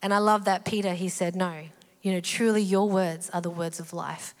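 A woman's voice: lowish voice, normal speed. Woman preaching in a reverberant hall. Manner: animated, acts out voices in the story. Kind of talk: sermon. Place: church hall. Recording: hall reverb with faint music.

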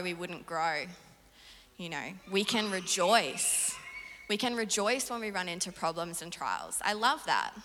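A young woman preaching a sermon in an earnest, animated way. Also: on the low side, a little hiss or hum. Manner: earnest, animated storytelling with laughs. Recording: reverberant hall.

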